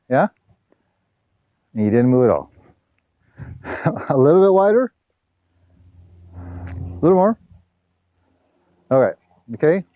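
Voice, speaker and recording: A man's voice: on the high side, dry recording. A man coaching a tennis student on a court, giving direct instructions and constantly checking in with "all right?" and "okay?", sometimes teasing his student. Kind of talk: hands-on coaching session. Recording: dull, lo-fi camera audio.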